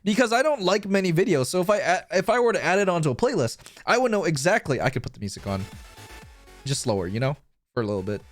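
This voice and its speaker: A man's voice: sits high, big pitch swings, fast, no room sound, faint music behind. A young man streaming live, rambling through a profane, self-mocking story and losing his train of thought.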